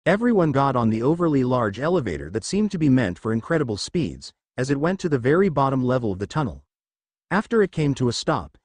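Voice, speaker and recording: A man narrating a fan fiction story aloud in an even reading voice, with his own asides. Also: mid-range voice, dry recording.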